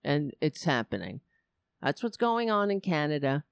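A woman's voice: sits low, very animated, normal speed, creaky, smooth, no echo. A woman hosting a political livestream from a cheap home microphone, ranting bluntly and swearing as she talks to her chat. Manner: blunt, profane, exasperated. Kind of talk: casual ranting commentary to a live chat. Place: home setup. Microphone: cheap home microphone with headphones.

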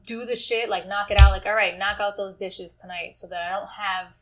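A woman's voice: medium pitch, fairly even intonation, a little fast, noisy background. A woman in casual conversation who talks bluntly and frankly and swears casually. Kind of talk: casual chat.

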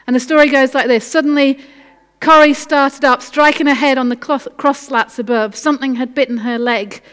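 A woman's voice: high-pitched, steady tone, moderate pace, a bit bright, smooth. A woman preacher giving an earnest, encouraging sermon with a story read aloud. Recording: echoey hall.

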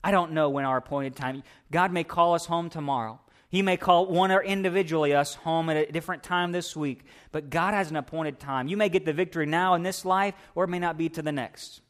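A man preaching a sermon as pastor, building to fervent, raised exhortations before easing into a soft, low closing prayer. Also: brisk, few pauses.

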